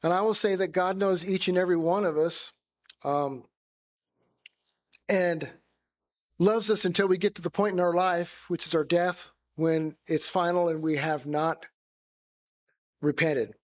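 Male Bible teacher, high voice, conversational sermon style. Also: fairly even intonation, unhurried, pauses often. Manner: conversational, acts out quoted voices.

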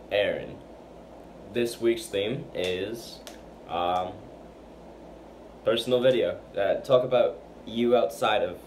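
A teenage boy talking about himself in an unscripted personal vlog, hesitant, with many fillers and restarts. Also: lowish voice. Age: teens. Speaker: fan channel member. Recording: noisy home recording.

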